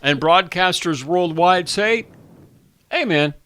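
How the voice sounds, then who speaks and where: A man's voice: mid-range voice, brisk, creaky, a bit bright. A middle-aged man hosting a podcast, chatting casually and telling stories in a talkative way. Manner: chatty storyteller, plugs local radio. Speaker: podcast host. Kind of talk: casual chat.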